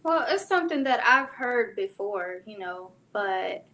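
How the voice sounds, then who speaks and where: A woman on a casual talk show, speaking in a measured, thoughtful way with hesitant fillers. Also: mid-range voice, lively intonation, sharp tone, a little hiss or hum.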